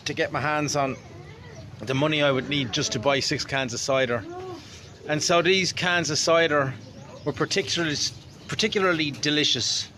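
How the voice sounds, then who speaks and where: A man's voice: a little high, bright, forceful tone, a little hiss or hum. Rambling wry Irish man outdoors. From Ireland. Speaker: vlogger. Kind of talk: casual spoken monologue.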